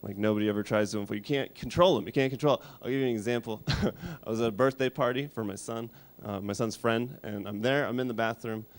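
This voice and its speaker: Dry, deadpan man in his thirties. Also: medium pitch, fast, hardly any pauses. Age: 30s. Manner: dry, deadpan delivery with restarts. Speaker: stand-up comedian. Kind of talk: stand-up comedy set. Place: music studio.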